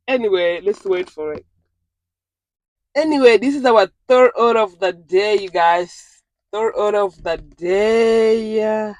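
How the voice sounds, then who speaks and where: Delivery driver, casual vlog, unhurried pace, excitable, repeats itself, talks to viewers, dry sound. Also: mid-range voice, no echo. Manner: excitable, repeats phrases, keeps saying "you guys".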